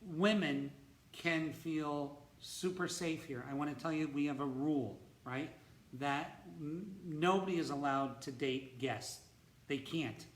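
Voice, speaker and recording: Male host, somewhat high voice, emphatic and restarting sentences, recorded in an echoey room. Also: fairly bright tone. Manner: emphatic, repeats words when starting sentences. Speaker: host of a retreat center talk. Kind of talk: casual interview.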